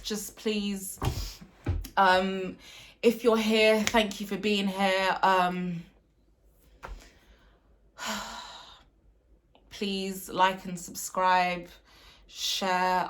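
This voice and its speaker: A woman's voice: mid-range voice, level tone, drawn-out words, pauses often, fairly bright tone, a little hiss or hum. A woman giving an unscripted post-match reaction as a fan, ranting in frustration with many ums and repeated phrases, upset and close to tears.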